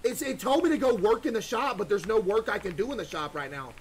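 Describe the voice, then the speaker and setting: A man streaming a horror game, excitable and stammering as he talks to his chat. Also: high-pitched, quick pace, breathy edge. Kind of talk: live horror gameplay commentary.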